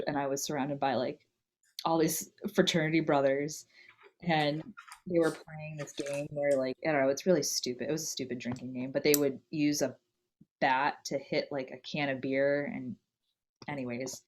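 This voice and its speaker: A woman's voice: deep voice, level tone, normal speed, a little hiss or hum. A young woman co-hosting a casual chat, rambling and laughing often as she talks. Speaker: podcast co-host.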